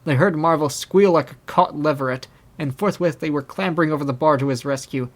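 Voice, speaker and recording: A man in his twenties reading a classic novel aloud in steady, measured narration. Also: on the high side. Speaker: audiobook narrator. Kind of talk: scripted narration.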